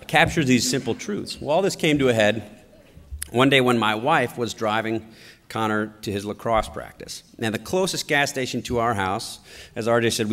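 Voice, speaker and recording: A middle-aged man giving a storytelling political speech at a conference, with an animated, anecdotal delivery. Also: mid-range voice, a little hiss or hum. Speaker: conference speaker. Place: large conference hall. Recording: long hall reverb.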